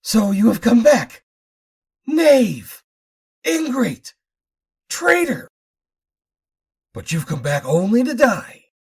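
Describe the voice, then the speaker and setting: A man voicing a cackling, vengeful old male inventor with a thin, high, screeching voice. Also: sing-song, moderate pace, few pauses, dark tone, breathy edge, exaggerated voice. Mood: raging. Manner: ranting, vengeful.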